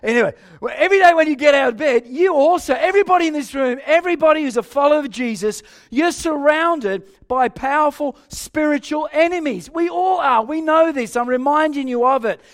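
An older man preaching a sermon, telling a story animatedly with soft asides and loud exclaims. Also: very high-pitched, lively intonation, a little fast, hardly any pauses.

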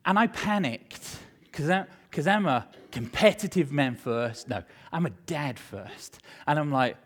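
A middle-aged male pastor preaching a sermon, telling a personal story with animated emotion, swinging between loud and hushed. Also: a little high, unhurried.

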